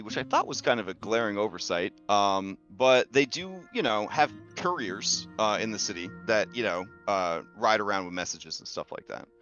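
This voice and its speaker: Lively male game master with bright voice. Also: on the low side, clean tone, muffled recording. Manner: lively, many fillers and restarts. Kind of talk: narrating a tabletop game.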